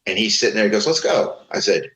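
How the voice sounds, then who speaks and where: This guest, a former pro wrestler from Florida in middle age, races along in a lowish voice. The low-quality audio echoes around the room as he spins profane stories with lively, voiced quotes in a casual interview.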